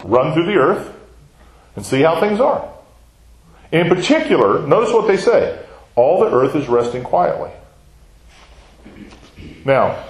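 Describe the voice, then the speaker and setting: A man's voice: mid-range voice, a little mellow. A man teaching a Bible study, talking conversationally and putting questions to the class. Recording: echoey room.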